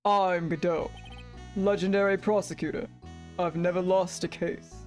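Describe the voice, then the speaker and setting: A woman voicing an arrogant masked male prosecutor in a deep, slow, theatrical voice. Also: steady tone, a little mellow, faint music behind, natural voice. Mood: smug.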